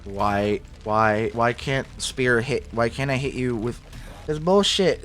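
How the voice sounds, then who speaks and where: A man's voice: medium pitch, unhurried. Young man, gaming creator, casual mid-range voice, exasperated cursing commentary. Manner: exasperated, profane, talking to in-game animals. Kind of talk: casual gameplay commentary and narration.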